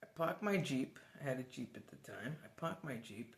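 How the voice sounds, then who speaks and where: A man telling a personal story to the camera in a casual vlog, animated and swearing now and then. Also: medium pitch, moderate pace, reverberant. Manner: animated, swears, laughs as he tells it. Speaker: vlogger.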